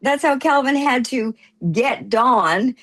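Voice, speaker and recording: A woman guest telling a lively anecdote in an interview, laughing and acting out what people said. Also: sits high, slow. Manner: animated, laughing storyteller who acts out quotes. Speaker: guest actor. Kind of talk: casual interview storytelling.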